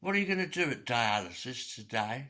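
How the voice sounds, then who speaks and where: A man's voice: mid-range voice, big pitch swings, fairly quick, bright, forceful tone. A man, teasing and joking in a silly way through a casual home chat. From Tamworth, England.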